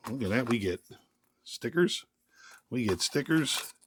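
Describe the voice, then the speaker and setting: A man's voice: medium pitch, animated, unhurried, a little hiss or hum. A man casually reviewing tools while unboxing them, rambling and joking with lots of restarts and fillers. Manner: rambling, jokey, self-interrupting. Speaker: tool reviewer.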